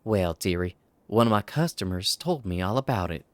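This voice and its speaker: A man plays a fussy, doting older woman who owns a cafe in a fan-voiced story game. She coos and sweet-talks her pet, with pitch that rises and falls widely. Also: animated, normal speed, a little hiss or hum. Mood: cooing. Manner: cooing, sweet-talking.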